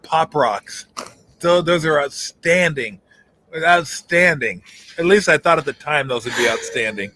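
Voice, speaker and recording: A man's voice: fairly high pitch, normal speed. A middle-aged man hosting a sports talk show, telling jokey stories in casual chat. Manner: storytelling, jokey, animated retellings. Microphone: streaming call mic.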